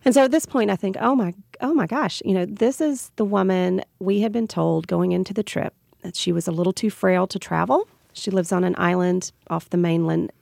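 A woman with a Southern US accent tells a heartfelt personal story on the radio, breaking into laughter now and then. Her voice is deeply gravelly and full of fry, and her pitch sits on the low side. The sound is very dry and close. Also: brisk, a little mellow, no room sound. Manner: heartfelt, laughs while telling. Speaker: radio guest.

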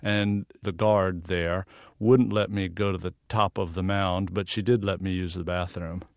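Low-voiced man explaining earnestly. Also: steady tone, measured pace, gravelly, no room sound, clean studio sound. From American South. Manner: earnest, explanatory, laughs easily. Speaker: photographer guest. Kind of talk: radio interview.

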